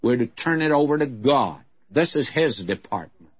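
A man's voice: medium pitch, animated, normal speed, breathy edge, dull audio. A man giving a sermon as a Bible teacher, in a frank, folksy, conversational way.

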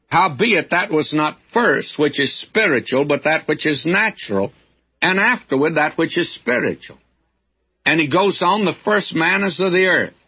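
Older preacher with husky, lively voice. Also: male voice, mid-range voice, dry recording. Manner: folksy, emphatic Bible teaching. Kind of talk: sermon. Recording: dull, lo-fi older recording.

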